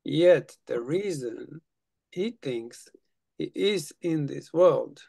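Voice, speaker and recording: Man, group leader on a video call, unhurried, gravelly, coaxing and playful. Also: fairly high pitch, lively intonation, dry recording. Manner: playful, coaxing, then hushed and slow when leading the meditation. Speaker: spiritual study group leader. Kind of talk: guiding a group affirmation lesson.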